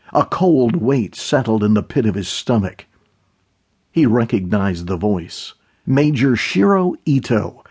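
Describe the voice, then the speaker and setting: Husky male audiobook narrator. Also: fairly low pitch, darkish tone. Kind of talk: scripted narration.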